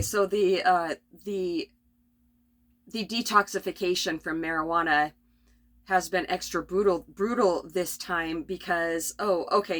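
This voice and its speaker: A middle-aged woman with a slightly low voice talks in a rambling, spontaneous vlog from her RV. She is tired and has a cough, restarts her phrases often, and laughs softly now and then. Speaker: vlogger. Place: at home in an RV.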